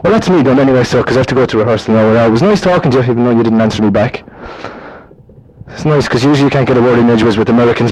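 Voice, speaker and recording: A man with a Limerick Irish accent, an actor giving a chatty, rambling recorded introduction of himself with a jumpy pitch. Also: racing, a little mellow, rough recording. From Ireland. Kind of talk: casual recorded self-introduction.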